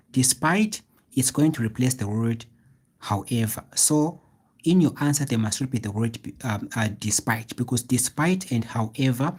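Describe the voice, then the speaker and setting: Husky-voiced man teaching a grammar lesson. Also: mid-range voice, darkish tone. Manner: asks the class half-questions ending in "what?" and answers them himself; repetitive, checks understanding often. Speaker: tutor. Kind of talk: live-streamed grammar lesson.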